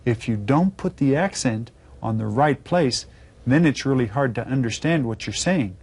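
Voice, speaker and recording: A man's voice: medium pitch, lively intonation, moderate pace, darkish tone, breathy edge. A man teaching a video Spanish lesson to children, patiently spelling words out letter by letter.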